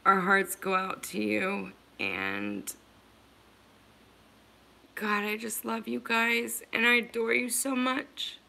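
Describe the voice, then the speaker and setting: A woman's voice: medium pitch, slow, vocal fry, pauses often, pushed and bright. A woman hosting a livestream, speaking earnestly and emotionally to her viewers, repeating herself as she offers support. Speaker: livestream host.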